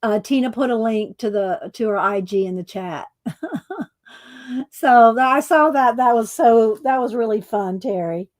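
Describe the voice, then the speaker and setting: Slow-talking woman hosting a craft stream. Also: fairly high pitch, a little mellow. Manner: chatty, many fillers and restarts, talks to viewers by name. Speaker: crafting livestream host. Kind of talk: casual livestream chat while crafting.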